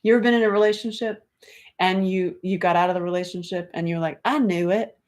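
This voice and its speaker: A woman's voice: fairly low pitch, steady tone, quick pace, darkish tone. A middle-aged woman hosting a casual livestream, talking animatedly, swearing freely and reading out viewer comments. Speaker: livestream host.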